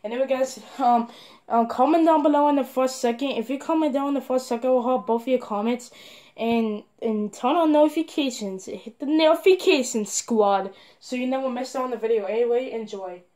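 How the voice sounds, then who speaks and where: A woman hosting a casual reaction video on a headset, chatty and excitable, talking back at the screen. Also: fairly high pitch, a little fast, poor audio. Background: music from the video being watched.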